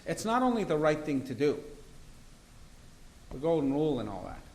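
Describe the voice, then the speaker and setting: A man's voice: a little high, big pitch swings, normal speed, darkish tone, rough recording. A man, a criminal defence lawyer, talking in an interview in an assertive, argumentative and emphatic way. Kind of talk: interview conversation.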